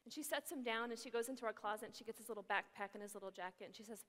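A woman who is a religious sister, giving a humorous keynote talk and telling stories in a lively, animated way. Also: on the high side, very fast. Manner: lively, animated storyteller acting out voices. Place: large conference hall. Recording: echoey large hall.

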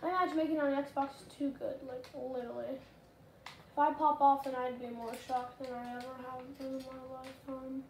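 A woman giving casual, rambling gameplay commentary, getting excitable and shouting at the game. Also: high-pitched, normal speed. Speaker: gaming channel host. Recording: roomy and noisy.

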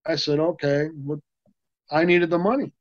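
A man's voice: a little high, normal speed, no echo. An older man, an interview guest, rambling through a story with many restarts and acting out what people said. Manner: rambling, many restarts, acts out quoted dialogue. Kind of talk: casual anecdotal storytelling. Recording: dull, dry sound.

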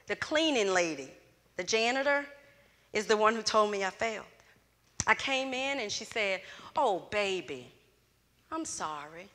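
At normal speed and on the high side, with frequent pauses, a middle-aged Louisiana woman tells her story to students as the closing speaker. She acts out the dialogue with energy, and the event hall echoes around her.

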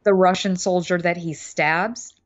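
A woman co-hosting a podcast, chatting casually about a film as an animated storyteller who acts out quotes. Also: fairly low pitch, measured pace, highs cut off. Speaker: podcast co-host.

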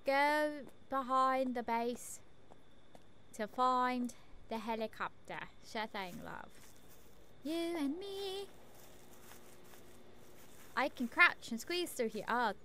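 Woman, gaming commentary, high lively voice, unhurried, faint hiss behind. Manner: chatty, self-talking, giggly. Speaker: gaming streamer. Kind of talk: casual let's-play commentary.

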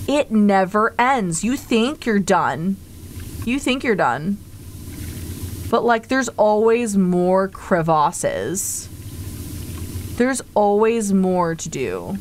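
A woman's voice: mid-range voice, very animated, slow pace, a little hiss or hum. A woman streamer chatting casually during a live game, theatrical and prone to exaggerated outbursts and groans.

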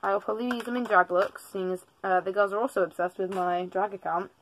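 A woman's voice: medium pitch, steady tone, quick pace, a little hiss or hum. A teenage girl chatting casually in a vlog while opening gifts in her parents' bedroom, rambling and correcting herself with joking asides. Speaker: vlogger.

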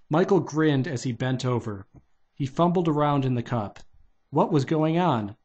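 A man reading a children's novelization aloud in a plain, steady manner. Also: mid-range voice, normal speed. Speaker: reader.

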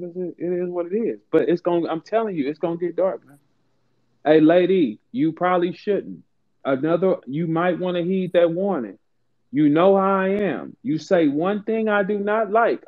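A man rants down a tinny, phone-like line, his voice a bit higher than most men's. He is profane and boastful, dropping to low mutters and then jumping to high outbursts. It sounds like a heated live audio chat. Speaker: host of an online audio room.

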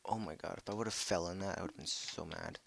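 A young man giving casual gameplay commentary from home on a headset mic, excitable, jumpy and swearing often. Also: deep voice, brisk, creaky, slight background noise. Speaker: gaming video creator.

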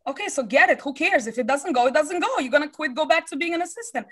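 A woman voicing a blunt father who talks in a brisk, pushy, dismissive way. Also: extremely high pitch, animated, sharp tone, voice pushed up, full character voice. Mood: brusque. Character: blunt, no-nonsense immigrant father.

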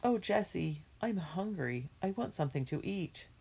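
A small boy from a storybook, sleepy and hungry, whining and pleading in a high voice, as a woman reader puts him on. He asks for things in short, begging bursts. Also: animated, normal speed, vocal fry, warm tone, breathy edge, full character voice. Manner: whiny, pleading. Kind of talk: storybook reading.

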